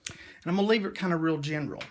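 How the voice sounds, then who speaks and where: A man's voice: fairly high pitch, very fast, slight background noise. A man giving an emotional, preachy personal monologue to his viewers. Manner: emotional, preachy, Southern-style "y'all" talk. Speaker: vlogger.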